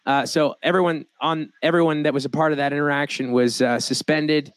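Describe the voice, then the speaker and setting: A man's voice: on the high side, steady tone, fairly quick, no echo. A young American man hosting a casual podcast, joking around and laughing often. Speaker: podcast host.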